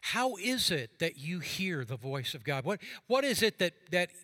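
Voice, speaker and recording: A man, a pastor, preaching a sermon, moving from fervent passages to hushed quiet ones and reading scripture aloud with drama. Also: high voice, sing-song, normal speed, dry recording.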